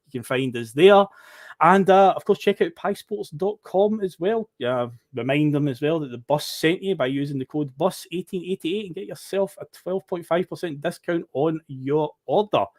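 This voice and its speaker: A Scottish man hosts a football podcast in casual, chatty fashion, upbeat and laughing often. His voice is a little high and moves at normal speed. The studio recording is clean, with no echo.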